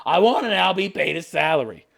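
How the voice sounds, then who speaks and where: A man voicing a whiny, entitled young stay-at-home mother in a mocking high-pitched whine. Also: lively intonation, fairly quick, gravelly, fairly bright tone, exaggerated voice.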